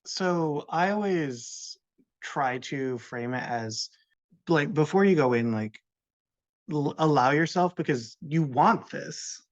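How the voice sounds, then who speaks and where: Slow-talking man on dull lo-fi audio. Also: fairly high pitch, lively intonation. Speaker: podcast guest. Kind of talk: casual podcast chat.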